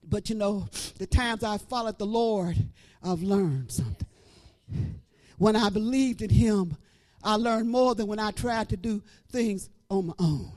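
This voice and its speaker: An older man preaching a fervent church sermon, exhorting the congregation and building up to shouting. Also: high-pitched, measured pace.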